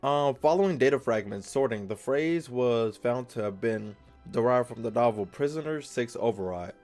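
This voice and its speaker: A man's voice: mid-range voice, expressive, moderate pace, darkish tone, faint music behind. A man hosting a gaming video, reading game dialogue aloud in a casual, jokey way and stumbling over words.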